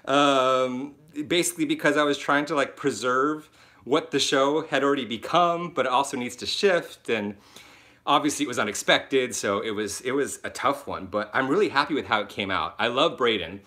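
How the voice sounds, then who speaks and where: A young man hosting his first live stream from his phone, chatty and excitable, laughing often as he reads out viewer comments. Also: mid-range voice, normal speed. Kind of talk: casual live-stream chat.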